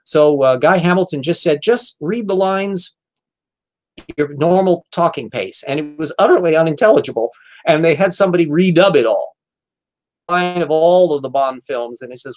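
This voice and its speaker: A man's voice: fairly high pitch, moderate pace, poor audio. A man hosting an aftershow, chatting casually and rambling about old films with many fillers and restarts. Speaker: host.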